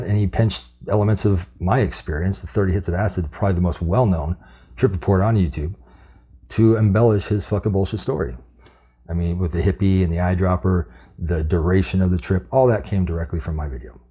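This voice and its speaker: Man, very deep husky voice, mellow dark tone, profane scornful rant. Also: a little fast. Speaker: commentary vlogger. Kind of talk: angry commentary rant.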